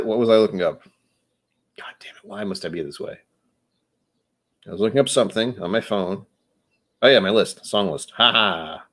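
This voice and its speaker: A man hosting a casual livestream, a bit tipsy from whiskey, rambling with loose, self-mocking jokey asides. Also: low voice. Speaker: livestream host.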